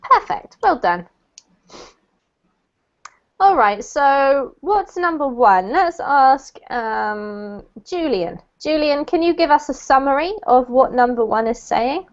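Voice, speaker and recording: A woman's voice: high-pitched, expressive, slow pace, muffled recording. A woman teaching an online English class, explaining words patiently and correcting pronunciation.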